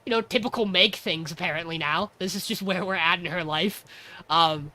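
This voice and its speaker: Bright-sounding podcast guy hyping through an anime recap, lots of energy. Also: sits high, normal speed, a little hiss or hum. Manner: animated, acts out character lines. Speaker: podcast host. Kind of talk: casual chat recapping an anime episode.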